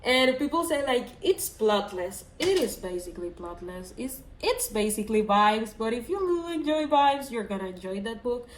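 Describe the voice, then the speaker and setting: A woman's voice: a little high, sing-song, moderate pace, few pauses. A woman chatting casually about favorite books, emotional and rambling, her talk full of "like" and "so yeah". She is recorded in an echoey room with a faint hiss behind her. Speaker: book vlogger. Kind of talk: casual chat.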